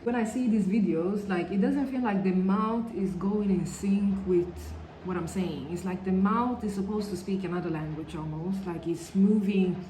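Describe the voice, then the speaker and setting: A woman chats loosely to her viewers in a storytime vlog, wandering between thoughts and leaning on "like" and "you know." Her voice sits at an ordinary pitch for a woman. It carries a roomy echo over a faint background hum. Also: moderate pace, mellow. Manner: chatty, rambling, full of "like" and "you know". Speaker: vlogger. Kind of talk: casual storytime chat.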